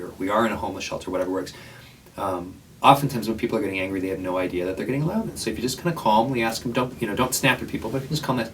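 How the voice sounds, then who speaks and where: A man's voice: fairly low pitch, racing, far from the mic, slight background noise, rough recording. A man who works at a homeless shelter, giving a casual, earnest training talk to librarians with many fillers and restarts.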